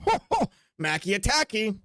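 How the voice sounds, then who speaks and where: A game master voicing a short female halfling tightrope performer who talks fast and exclaims a lot. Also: medium pitch, huge pitch swings, a bit bright, dry recording, studio quality. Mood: teasing. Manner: quick, chirpy, exclaiming.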